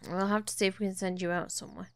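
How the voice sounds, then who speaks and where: A woman's voice: mid-range voice, rapid-fire, creaky. A woman giving casual commentary on a life-simulation game, chatting fondly to her characters as she plays. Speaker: gaming YouTuber. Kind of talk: casual Let's Play commentary.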